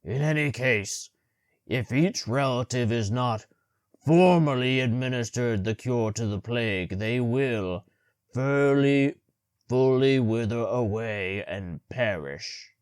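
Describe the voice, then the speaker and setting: A man putting on a gruff, halting ruler with a gravelly voice. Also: expressive, no echo, studio quality. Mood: booming, halting. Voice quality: deep, gravelly, hoarse voice. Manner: halting, stumbles over words while reading aloud, booming. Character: gruff pompous adult male ruler, short-tempered.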